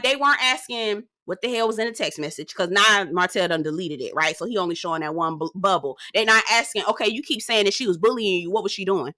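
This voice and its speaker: Bright, sassy woman recapping reality TV. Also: mid-range voice, no room sound, studio quality. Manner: sassy, outspoken, profane; animated, gossipy storytelling. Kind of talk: casual commentary.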